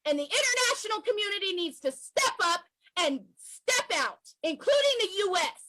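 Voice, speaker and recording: Fiery high-voiced American woman. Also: big pitch swings, normal speed, sharp tone, dry recording, rough recording. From United States. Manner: fiery, emphatic, repeats lines for force. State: emotional, near tears. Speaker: activist vlogger. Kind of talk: impassioned political address to camera.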